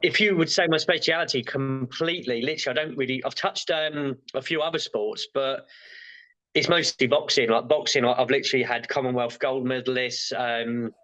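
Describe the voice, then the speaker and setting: A man's voice: mid-range voice, fairly even intonation, fairly quick, fairly bright tone, rough recording. A male therapist being interviewed, talking frankly and rambling with lots of fillers. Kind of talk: casual interview chat.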